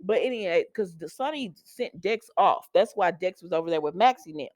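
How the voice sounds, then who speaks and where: A woman's voice: fairly low pitch, animated, brisk, a little mellow, dry recording. A woman recapping a soap opera episode in a casual, chatty way, making asides to her viewers.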